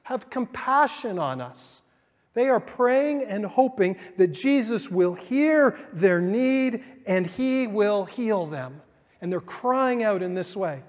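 A man preaching as a pastor, reading scripture and then explaining it conversationally, with lively acted-out quotes. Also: high-pitched, takes it slowly, big-room sound. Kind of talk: sermon. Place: church sanctuary.

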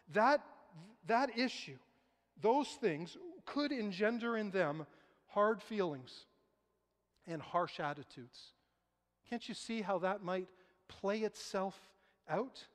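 A man preaching a sermon as pastor, talking conversationally with rhetorical questions. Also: sits high. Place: church sanctuary. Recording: long hall reverb.

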